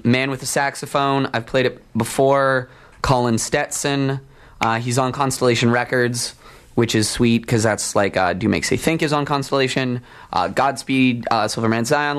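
Casual male radio host, mid-pitched, rambling and self-mocking, lots of filler words. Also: fairly bright tone. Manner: rambling, self-deprecating, many ums and uhs. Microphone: studio microphone.

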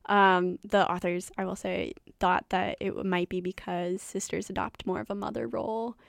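A woman's voice: medium pitch, level tone, moderate pace, vocal fry, no room sound. Woman co-host with a dry close voice. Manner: engaged, asks questions, psychology talk. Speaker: radio co-host. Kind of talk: casual chat.

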